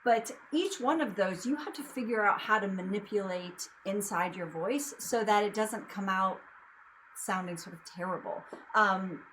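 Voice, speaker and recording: A woman's voice: mid-range voice, normal speed, fairly bright tone, a little hiss or hum, rough recording. A young adult woman teaching singing in a casual lesson, explaining in a loose, chatty way with lots of fillers. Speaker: vocal coach.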